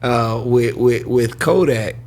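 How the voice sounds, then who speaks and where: Slow-talking podcast co-host man. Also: medium pitch, a little mellow. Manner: short laughing reactions. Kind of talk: casual chat.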